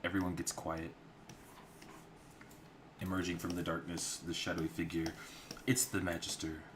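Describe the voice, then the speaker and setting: Man, storyboard streamer, very deep voice, casual rambling, faint background noise. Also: little pitch movement, normal speed. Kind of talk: casual livestream narration.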